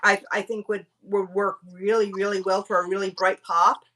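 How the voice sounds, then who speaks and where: Bright-voiced woman teaching tie-dye. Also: mid-range voice, normal speed. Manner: steady, explains step by step with fillers. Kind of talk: livestream craft demo chat.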